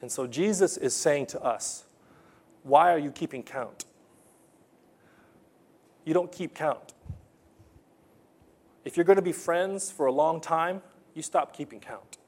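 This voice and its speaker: Earnest male preacher, unhurried, fairly high-pitched, repeats points for emphasis. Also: darkish tone. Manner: earnest, questioning the congregation, repetitive emphasis. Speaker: pastor. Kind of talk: sermon.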